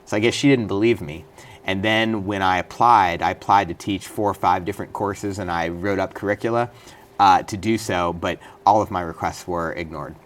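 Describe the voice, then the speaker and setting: A man's voice: deep voice, steady tone, moderate pace, a little hiss or hum. A middle-aged man, a guest in a studio interview, telling detailed stories earnestly with occasional restarts. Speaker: interview guest, former state senator and prisoner.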